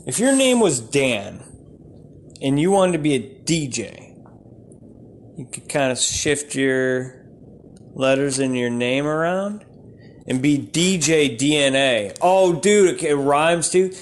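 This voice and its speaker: Guy doing standup, kinda high voice, rambly, gets loud and ranty. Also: lively intonation, slow pace, a little hiss or hum. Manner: rambling, bursts into shouty rants. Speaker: comedian. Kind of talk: stand-up comedy.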